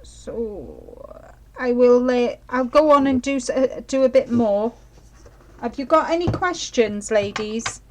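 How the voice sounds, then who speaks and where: A woman's voice: on the high side, takes it slowly, a little hiss or hum, rough recording. A middle-aged woman giving a live craft demonstration, chatty and apologetic, often checking that viewers can see.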